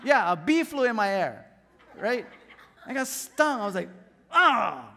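Animated high-voiced preacher in a hall. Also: male voice, normal speed, a little hiss or hum. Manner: animated storyteller, acts out scenes and sound effects. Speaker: pastor. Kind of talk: lively sermon with stories. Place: church hall.

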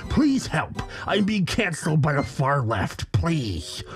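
A man's voice: a little high, sing-song, slow, soft background music. A man mocking a whiny self-pitying guy. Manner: mocking, whining, overdramatic.

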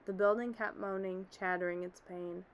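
A man recalls his escape in an earnest, haunted voice, spoken by a woman reading a story aloud. The pitch stays in an ordinary middle range, and the telling is steady and plain. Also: moderate pace, close to an everyday voice, poor audio. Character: middle-aged man, former office worker, shaken survivor.

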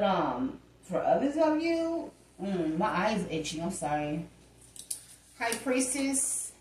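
Woman, tarot reader, casual chatty delivery, higher voice, recorded at a distance from the mic. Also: a little mellow. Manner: chatty, exclaiming, addresses listeners directly. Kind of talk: casual tarot reading to viewers. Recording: echoey room, voice off-mic.

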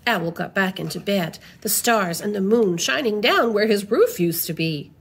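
A woman reading a children's picture book aloud in an expressive storytelling manner. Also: mid-range voice, normal speed, gravelly, few pauses, husky.

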